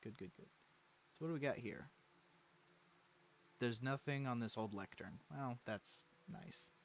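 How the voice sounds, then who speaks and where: A man's voice: medium pitch, a little slow, a little hiss or hum. A man casually playing a story game, reading its text aloud and adding joking asides. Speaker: let's play streamer. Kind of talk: casual gameplay commentary.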